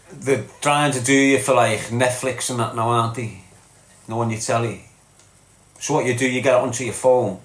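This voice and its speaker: Greeting viewers and reading their comments aloud, a Scouse live streamer from Liverpool chats casually, bluntly and with plenty of swearing, calling people lad and mate. He has a medium-pitched, fairly bright voice.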